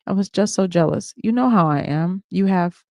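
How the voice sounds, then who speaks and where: A man's voice: sits high, normal speed, creaky, no echo, pitched above the performer's own voice. A jealous, controlling man, as a reader puts him on. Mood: pleading. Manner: angry shouting, then pleading.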